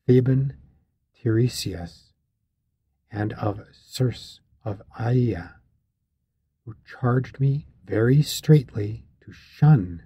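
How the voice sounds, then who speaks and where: A man narrating a classic epic for an audiobook, in a slow, measured, solemn reading with archaic phrasing. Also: mid-range voice, mellow, husky, no echo.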